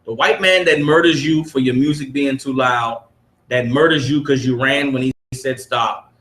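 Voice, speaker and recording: This study group teacher has a mid-range, fairly bright voice. Reading to the group, he drives home a preachy lesson by firing rhetorical questions at them with emphasis. The audio carries the echo of the room.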